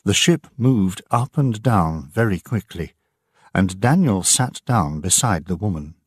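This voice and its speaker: A man narrating an audiobook for English learners, slow and clearly enunciated. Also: low voice, expressive, no room sound.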